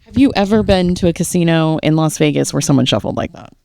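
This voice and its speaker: A woman's voice: deep voice, fast, creaky, darkish tone. A woman talking casually in a podcast conversation, blunt and emphatic, coaching with freely dropped swear words. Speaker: guest, tarot reader.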